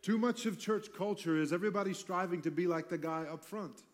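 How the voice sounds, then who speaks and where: A man's voice: high-pitched, fairly quick. A man pastor giving a conversational sermon in a church, mixing teaching with self-deprecating jokes. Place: church sanctuary.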